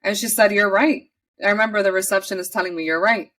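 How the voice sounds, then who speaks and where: This New York City woman, a podcast guest, tells her personal story earnestly and chattily, often acting out things she once said. Her voice sits at medium pitch with a steady tone, a quick pace and a slight brightness, picked up on a distant mic.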